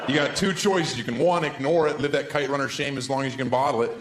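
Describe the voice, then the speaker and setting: A man in his thirties performing a stand-up comedy set on stage with a handheld mic, sarcastic, with deadpan asides. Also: mid-range voice, fast. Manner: sarcastic, deadpan asides, swoops into silly voices. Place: comedy stage before a live audience. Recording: echoey room, crowd laughter, background noise.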